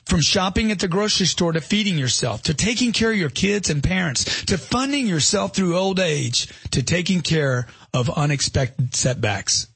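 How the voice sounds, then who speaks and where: A middle-aged man speaks in a husky voice that sits a little high for a man. He delivers motivational narration with punchy emphasis and strings of rhetorical questions. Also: lively intonation, normal speed, hardly any pauses, fairly bright tone, dry recording. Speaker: self-help author.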